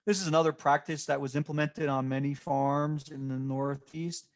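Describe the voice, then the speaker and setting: Halting man presenting slides. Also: on the high side, steady tone. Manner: unscripted and halting, with many fillers and restarts. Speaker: extension presenter.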